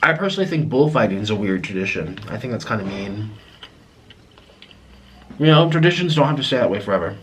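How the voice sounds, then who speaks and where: A man vlogging to camera, talking in a reflective, apologetic way with many restarts, pausing to eat. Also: fairly low pitch, big pitch swings, a little hiss or hum. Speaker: mukbang vlogger. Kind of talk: casual confessional talk to camera.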